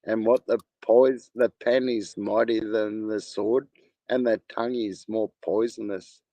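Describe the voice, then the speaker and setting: A man's voice: fairly low pitch, fairly even intonation, a little slow, warm tone, no room sound, lo-fi sound. An Australian man in rowdy casual banter on a live stream, swearing a lot. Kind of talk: casual chat.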